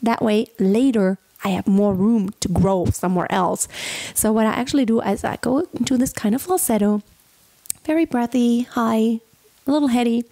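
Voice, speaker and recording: A woman's voice: on the high side, normal speed, warm tone. A woman vocal coach giving a singing lesson, explaining technique step by step in an encouraging way. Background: faint backing track of the song.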